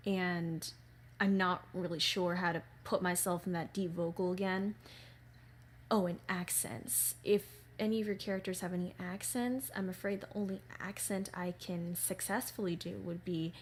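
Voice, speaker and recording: A woman voice actor recording a casual audition message, polite and hesitant with many pauses and fillers. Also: lowish voice, slight background noise.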